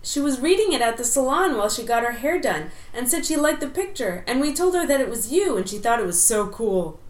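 A woman's voice: animated, brisk, roomy sound, lightly acted. A woman voicing a chatty, eager young girl in an audiobook. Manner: high, bouncy, bright.

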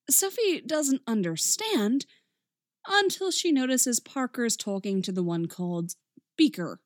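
Woman reading a funny story out loud, wry and expressive, bouncy pitch. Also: no room sound, studio quality. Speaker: narrator.

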